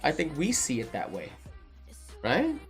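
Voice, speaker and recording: Animated married man hosting a chat. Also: fairly high pitch, unhurried, faint music behind. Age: adult, married. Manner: animated storyteller, reads chat messages aloud. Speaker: stream host reading chat. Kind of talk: casual chat.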